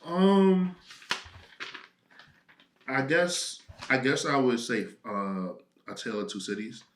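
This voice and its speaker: A man's voice: mid-range voice, takes it slowly, echoey room. A young man co-hosting a casual talk show, telling stories with lots of fillers and acting out friends' lines. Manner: animated storytelling, acts out friends' voices. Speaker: podcast co-host. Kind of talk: casual chat.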